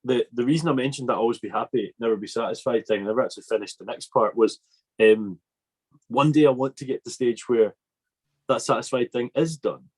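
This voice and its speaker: A man's voice: mid-range voice, brisk, a little mellow, slightly rough. A man, hosting a podcast in an enthusiastic, rambling chat. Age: 20s. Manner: enthusiastic and rambling, with many fillers. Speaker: podcast host. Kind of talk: casual chat.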